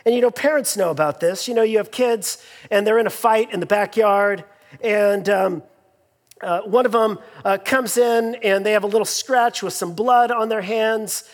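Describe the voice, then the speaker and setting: A pastor preaches in a church sanctuary at normal speed, his voice high for a man. He addresses the congregation conversationally and easily, with lots of fillers and repeated phrases, while the large hall gives his words a long reverb.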